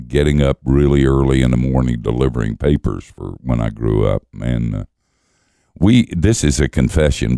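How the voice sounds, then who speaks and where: An older man, appearing as a guest teacher, tells stories in conversation with wry, self-mocking humor and frequent chuckles. His voice is very deep, creaky, and dark. The recording is clean studio sound with no room echo.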